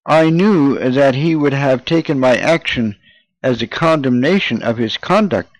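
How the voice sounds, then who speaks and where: A man reading an old first-person memoir aloud as narrator, in a measured, earnest way. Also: medium pitch, dry recording, low-quality recording.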